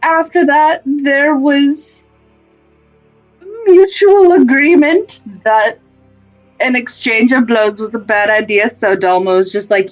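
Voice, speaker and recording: A woman's voice: mid-range voice, fairly even intonation, a little slow, highs cut off, soft background music. A woman casually recapping a tabletop game session, rambling, swearing and laughing as she goes. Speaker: player giving a session recap.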